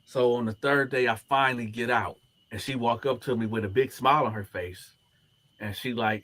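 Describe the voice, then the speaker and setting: A man who used to be in prison speaks at a normal speed in a fairly low voice while telling a story to the camera. He's lively about it and performs the other people's quoted words.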